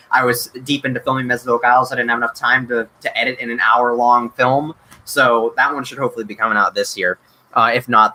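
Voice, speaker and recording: A man's voice: mid-range voice, sharp tone, slight background noise, poor audio. A man hosting a casual livestream Q&A, answering chat questions in an eager, chatty way with lots of ums and restarts.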